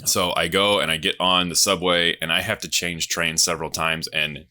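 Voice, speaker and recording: A man's voice: low-pitched, little pitch movement, moderate pace, bright, forceful tone. A man in his thirties casually telling a long, rambling anecdote as a game show contestant, full of fillers and restarts. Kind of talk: casual storytelling.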